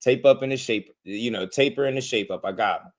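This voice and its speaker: A man's voice: mid-range voice, brisk. A man hosting a boxing channel, reacting to clips in casual, slangy commentary, laughing often and rambling between thoughts.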